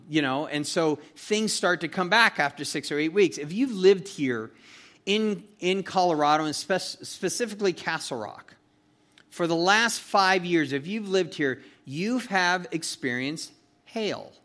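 A man with a slightly raised pitch teaching a verse-by-verse sermon. He talks in a folksy, chatty way, full of fillers, and keeps checking in with his listeners. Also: expressive, unhurried, a bit bright. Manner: folksy and chatty, asks "okay?" and "you know", with many fillers. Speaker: pastor teaching a Bible study.

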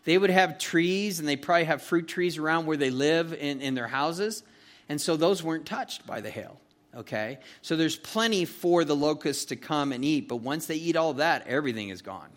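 A man with a slightly raised pitch teaching a verse-by-verse sermon. He talks in a folksy, chatty way, full of fillers, and keeps checking in with his listeners. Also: animated, normal speed. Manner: folksy and chatty, asks "okay?" and "you know", with many fillers. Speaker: pastor teaching a Bible study.

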